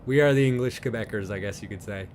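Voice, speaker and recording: A man's voice: lowish voice, quick pace, darkish tone, slight background noise. A man from Newfoundland hosting a live stream, chatting casually with viewers in a rambling way and chuckling often between thoughts. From Newfoundland, Canada.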